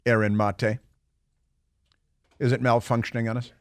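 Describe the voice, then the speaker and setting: A man's voice: mid-range voice, level tone, a little slow, no echo. A man hosting a talk radio show, delivering a combative, sarcastic monologue full of mocking rhetorical questions from a radio studio. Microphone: studio microphone.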